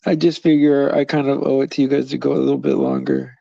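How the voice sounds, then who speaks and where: Creaky-voiced man chatting on a stream. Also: medium pitch, flat delivery, fast, mellow, no echo, muffled recording. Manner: rambling, chuckling, loose and meandering. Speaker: livestream host. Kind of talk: casual chat with viewers on a live stream.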